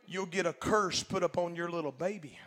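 A man preaching a Pentecostal sermon as pastor, talking in a folksy, colloquial way and swinging from quiet asides to loud shouted preaching. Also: sits high, fairly quick. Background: faint congregation.

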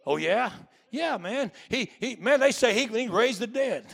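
Old lame beggar, male, casual gossip, voiced by the preacher; high, bright voice. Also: lively intonation, a little slow, creaky, husky, heavily acted. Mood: chatty.

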